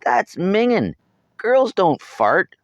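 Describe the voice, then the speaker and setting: A man's voice: sits high, sing-song, slow, no room sound, muffled recording, pitched above the performer's own voice, heavily acted. Man doing a whiny squealing young boy. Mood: indignant. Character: cheeky young boy, the brother.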